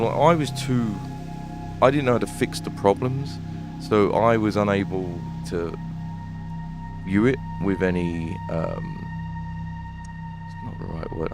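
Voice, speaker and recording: A man with a London accent streaming a game and ranting in frustration, swearing often. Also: lowish voice. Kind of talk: live gameplay commentary. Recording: noisy home stream recording.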